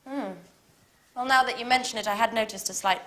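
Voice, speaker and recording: A woman's voice: fairly high pitch, brisk, fairly bright tone, lightly acted. An actress playing Anne, a curious, teasing woman friend, in scripted dialogue for English learners.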